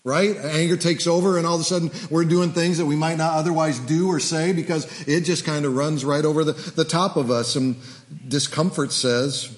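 A man's voice: a little high, steady tone, normal speed. A male pastor preaching a sermon in a church, repetitive and leading the congregation in call-and-response, with frequent fillers.

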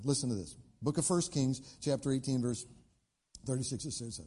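A man's voice: medium pitch, moderate pace, a little mellow, husky. A man preaching a sermon, retelling a Bible story with many fillers and acted-out dialogue. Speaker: pastor.

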